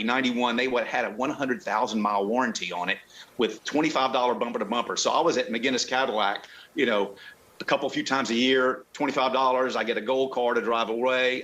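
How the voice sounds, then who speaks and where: Interviewed casually, this middle-aged Southern car club member speaks at a medium pitch with a fairly bright tone. He keeps stopping and restarting, with plenty of fillers.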